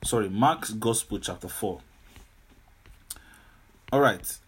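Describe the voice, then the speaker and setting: Husky male preacher, hallelujah-filled. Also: lowish voice, takes it slowly. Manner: repetitive, exclamatory with frequent hallelujahs and amens. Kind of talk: sermon teaching.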